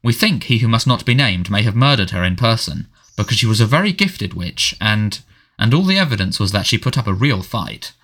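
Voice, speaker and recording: A man voicing a harried middle-aged male wizard minister who sounds defensive and fretful, talking quickly and pleadingly. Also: lowish voice, expressive, a bit bright.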